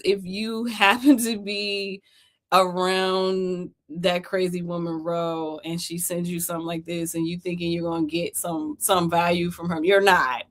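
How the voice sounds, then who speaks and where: A woman hosting a livestream, talking in a blunt, mocking way and laughing often as she goes through documents for her viewers. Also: fairly low pitch. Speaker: host. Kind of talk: livestream commentary.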